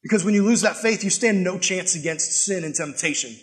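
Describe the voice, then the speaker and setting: A man's voice: high voice, fairly quick. A man preaching a sermon, emphatic and conversational, with frequent rhetorical questions. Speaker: pastor.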